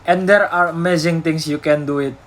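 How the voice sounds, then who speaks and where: Young Indonesian student, male, slightly high-pitched, reads a class talk haltingly with slips and restarts. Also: fairly even intonation, slight background noise, poor audio. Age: young adult. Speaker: university student. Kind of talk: retelling a talk for a class assignment.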